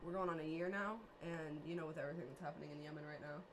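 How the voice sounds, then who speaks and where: A woman's voice: low-pitched, fairly even intonation, very fast, background noise. A woman talking casually on a podcast, rambling and self-deprecating, often breaking into laughter as a tarot reader. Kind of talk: casual chat. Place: lives in a trailer park.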